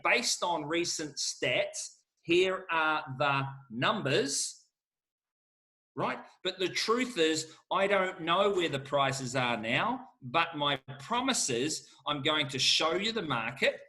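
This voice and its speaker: A man's voice: a little high, pushed and bright. A middle-aged man, answering questions as an auctioneer in an emphatic, fired-up salesman manner. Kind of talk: lively Q&A answers.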